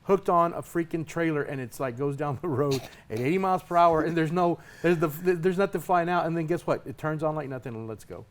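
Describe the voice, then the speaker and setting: A man's voice: a little high, a little fast, few pauses. A man who competes as a pitmaster, talking in a casual interview with an emphatic, hyped-up delivery and repeated words.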